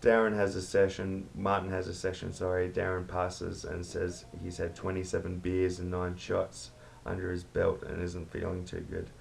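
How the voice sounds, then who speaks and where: A man's voice: low-pitched, completely flat delivery, normal speed, creaky, slight background noise. A man telling a rambling story with crude slang. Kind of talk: casual storytelling.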